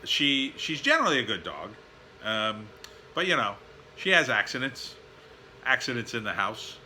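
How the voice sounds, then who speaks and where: Bright-voiced man telling a rambling home story. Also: mid-range voice, sing-song, moderate pace, slight background noise. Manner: rambling, with many fillers and tired sighing asides. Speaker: vlogger. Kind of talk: casual storytelling vlog. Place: at home, backyard and indoors.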